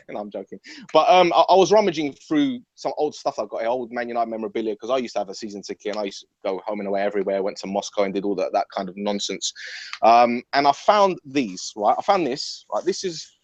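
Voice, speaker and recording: A young man arguing about football in a blunt, animated, sweary way, repeating himself as he talks. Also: mid-range voice, no echo. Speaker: football fan pundit. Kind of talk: heated casual football debate. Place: his mum's house. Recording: dull, muffled audio.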